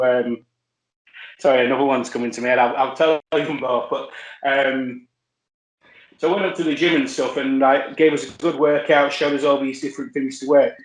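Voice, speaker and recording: A man's voice: medium pitch, fairly even intonation, normal speed. A man telling rambling, self-correcting stories as a podcast guest. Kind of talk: casual anecdote chat. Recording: roomy echo.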